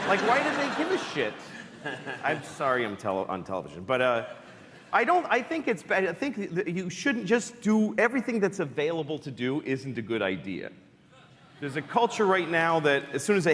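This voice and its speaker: A male comedian telling a wry, exasperated story, with sudden loud outbursts. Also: on the high side, huge pitch swings, moderate pace, echoey room, a little hiss or hum. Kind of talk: stand-up and talk show chat.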